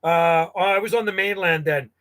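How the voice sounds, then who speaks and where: A man's voice: high-pitched, normal speed, fairly bright tone. A man in his fifties from Canada, telling rambling stories from his years as a radio hobbyist and often correcting himself. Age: 50s. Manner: rambling, self-correcting, nostalgic. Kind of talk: casual storytelling.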